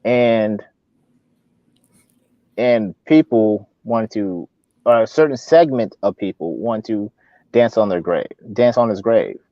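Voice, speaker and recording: A man's voice: on the low side, slow, long pauses, dry recording, highs cut off. A man co-hosting a live talk show, giving casual opinion commentary in a rambling, ranting way. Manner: rambling, repeats and restarts, animated ranting.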